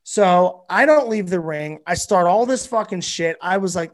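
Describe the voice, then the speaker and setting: Male comedian guest, high-pitched voice, animated and foul-mouthed storyteller. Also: normal speed, few pauses. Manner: animated, profane, rambling. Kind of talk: casual storytelling.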